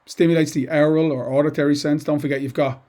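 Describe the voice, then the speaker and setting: This middle-aged English teacher has a fairly high, mellow voice with fairly even intonation, and he talks fast. His informal poetry lesson to students is chatty and digressive, packed with asides and restarts.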